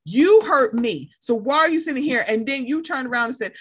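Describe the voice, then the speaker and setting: A woman co-hosting a casual chat, talking in an animated, profane way and acting out heated rants. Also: high voice, brisk, breathy edge.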